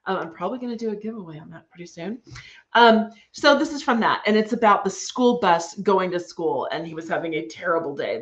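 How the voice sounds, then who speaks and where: A woman giving a casual online writing lesson to parents, chatty and enthusiastic with frequent fillers. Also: medium pitch. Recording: dull lo-fi sound.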